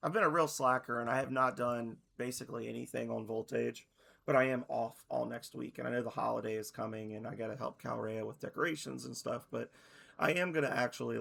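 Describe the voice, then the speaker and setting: A man in his thirties chatting casually on a stream, rambling and correcting himself, his voice a little hoarse. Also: mid-range voice, steady tone, a little fast, a bit bright. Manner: rambling, loose, self-correcting. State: slightly hoarse.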